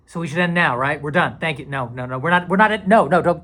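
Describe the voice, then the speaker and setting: A man's voice: fairly high pitch, quick pace, fairly bright tone. A man talking casually to camera in a vlog, rambling and playful, sometimes dropping into silly whispers and mock dramatic voices. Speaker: video creator.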